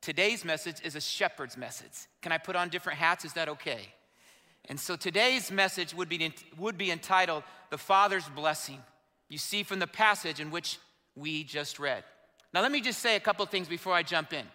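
A man's voice: a little high, moderate pace, bright, forceful tone. A pastor, a man, preaching a sermon to his congregation in a conversational way, asking them questions. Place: church sanctuary. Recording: reverberant church hall.

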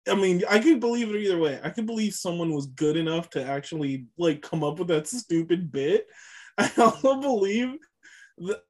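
A podcast co-host in a casual movie review chat, animated and profane, quoting scenes between bursts of laughter. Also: mid-range voice, moderate pace. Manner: animated, swearing, bursts of laughter and quoted bits.

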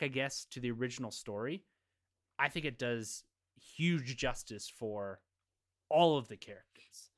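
A man on a podcast panel, giving a measured, analytical review of a film in casual conversation. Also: mid-range voice.

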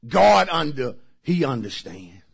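A man's voice: a little high, sing-song, takes it slowly, gravelly, slightly rough. A middle-aged man, a pastor preaching a sermon with personal testimony. He talks fervently and repeats himself, addressing the congregation directly.

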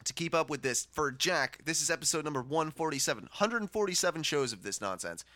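Male podcast host, nasal and stuffed-up from a cold, bright edgy tone, dry close sound. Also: fairly high pitch, lively intonation, fast, dry recording. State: congested, sick. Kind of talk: casual podcast banter.

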